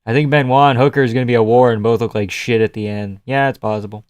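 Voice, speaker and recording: A man reacts to fights on a live stream in loose, profane chat and talks back to his viewers as he watches. His voice is smooth and resonant, close on the mic with a dry, dead sound. His pitch sits in an ordinary middle range. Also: steady tone, quick pace, no echo, dull audio. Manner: loose, profane, chatty, greets chat by name. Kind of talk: casual live-stream commentary.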